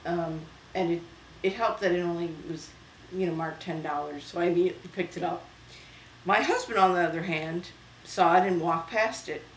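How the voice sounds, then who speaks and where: A woman hosting a casual home video show about thrift finds, talking chattily with many pauses and fillers. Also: on the low side, reverberant, a little hiss or hum, rough recording. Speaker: host. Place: home room.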